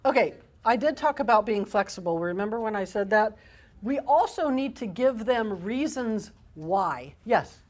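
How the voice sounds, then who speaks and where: A woman giving a live parenting workshop to an audience, talking in an energetic, animated way and laughing often. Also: medium pitch, moderate pace.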